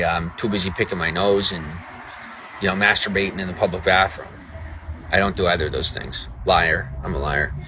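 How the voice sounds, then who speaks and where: A man's voice: deep voice, noisy background. A man live-streaming outdoors at night in the rain, ranting in a profane and sarcastic way to his chat. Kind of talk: late-night livestream rant.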